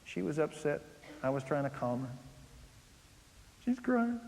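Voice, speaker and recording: Brief: male pastor, slightly high voice, lively sermon delivery with loud and hushed swings, long hall reverb. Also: a little slow, gravelly, pauses often. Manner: animated storytelling preacher, swings from loud to hushed.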